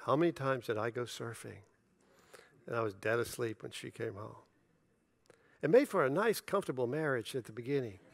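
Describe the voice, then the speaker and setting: A man's voice: medium pitch, brisk, vocal fry, pauses often, no room sound. A middle-aged man preaching a sermon as pastor, telling personal stories with animation and acting out the dialogue. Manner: storytelling, animated, acts out dialogue with laughter.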